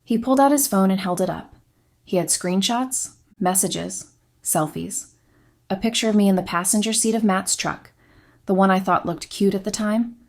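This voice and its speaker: A woman reads a first-person confession from a script. Her voice sits at a middle pitch for a woman. Her delivery stays quiet, subdued and steady. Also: moderate pace. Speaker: story narrator.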